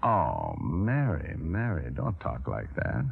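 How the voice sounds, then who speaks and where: A man's voice: a bass voice, wildly swooping pitch, takes it slowly, creaky, breathy edge, heavily acted. A man playing a cocky, wisecracking private detective in an old radio drama, with a teasing manner. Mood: accusing. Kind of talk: 1940s radio drama acting. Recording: muffled old radio broadcast.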